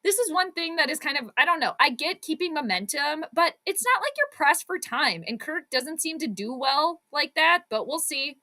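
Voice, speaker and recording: High, bright-voiced excitable woman. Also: normal speed. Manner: excitable, frustrated outbursts, chats with viewers. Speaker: fan channel host. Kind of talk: live sports watch-along commentary.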